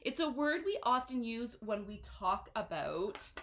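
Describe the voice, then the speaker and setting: A young adult woman teaching English vocabulary at a classroom whiteboard, explaining words slowly and modeling their pronunciation again and again. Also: a little high, very animated, fairly bright tone, a little hiss or hum. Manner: slow, careful explanations with repeated modeled pronunciations. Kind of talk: vocabulary lesson.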